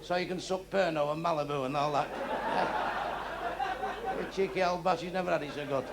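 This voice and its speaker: A middle-aged man does blunt, crude stand-up on a club stage, his voice a little high and a little fast with a deadpan delivery. The room is echoey, with crowd noise around him.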